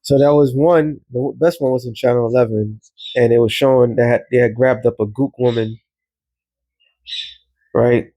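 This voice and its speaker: A man's voice: mid-range voice, fairly even intonation, moderate pace, pauses often, warm tone. New guy rambling through a casual commentary vlog, loose street talk. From New York. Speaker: religious commentator.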